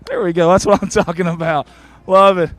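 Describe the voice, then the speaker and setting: Excitable sideline reporter. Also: male voice, high-pitched, brisk. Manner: excited, warm toward players, repeats "I'm gonna tell you something". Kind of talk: postgame field interviews. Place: outdoor football field after a game.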